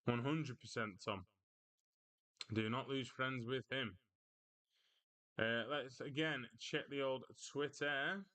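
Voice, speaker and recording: Male livestream host, bright and crisp tone, casual rambling chat with viewers. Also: medium pitch, fairly even intonation, takes it slowly, pauses often. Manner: chatty, reads out viewer comments and answers them.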